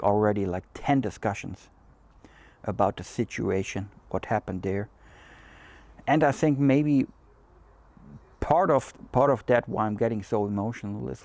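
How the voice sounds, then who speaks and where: A man's voice: on the low side, creaky, darkish tone. A man hosting a cigar show, talking in a loose, rambling way with many fillers and restarts. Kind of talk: casual chat.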